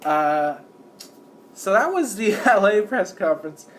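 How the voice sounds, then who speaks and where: A man with a somewhat high voice rambles through casual commentary, leaning on fillers. He breaks into quick impressions of the people he talks about. A faint hum of noise sits behind him. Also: big pitch swings. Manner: acts out the people he describes. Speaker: video creator.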